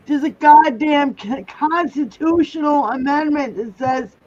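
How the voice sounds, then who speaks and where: A woman's voice: high voice, unhurried, darkish tone, dull audio. A woman hosting a casual livestream, ranting angrily with heavy swearing while reading viewer comments. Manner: angry, heavy swearing rant.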